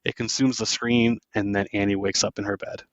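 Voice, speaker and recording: A man's voice: lowish voice, level tone, brisk, no room sound, dull audio. A man hosting a podcast, loosely retelling a film scene by scene with plenty of fillers. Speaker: podcast host. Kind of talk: casual film recap.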